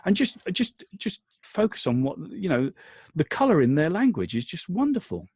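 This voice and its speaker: A man's voice: a little high, wildly swooping pitch, normal speed, a little mellow, husky, no echo, studio quality. A man, a father, talking as a podcast guest, earnest and rambling with lots of restarts, emotional at times. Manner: emotional, choking up. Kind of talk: casual interview chat.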